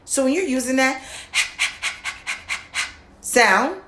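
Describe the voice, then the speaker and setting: A woman voice coach teaching an online lesson, who often repeats herself and checks in with "okay?", now and then singing or shouting demonstrations. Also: high voice, expressive, slow pace, roomy sound, background noise. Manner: repeats words, checks in with "okay?" and "all right?"; sings demo lines and shouts "ha!" exercises.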